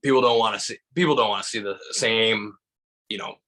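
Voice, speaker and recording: His voice sits on the low side and his pace is brisk as this young Michigan comic, guesting on a podcast, tells stories casually with plenty of "like" fillers. He's animated, and the audio is rough.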